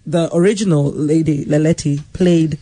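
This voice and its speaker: A woman's voice: low-pitched, steady tone, moderate pace, warm tone, slightly rough, no echo. A woman in her thirties being interviewed as a stage actress in a radio studio, thoughtful and articulate with light laughs. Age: 30s. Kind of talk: casual interview chat.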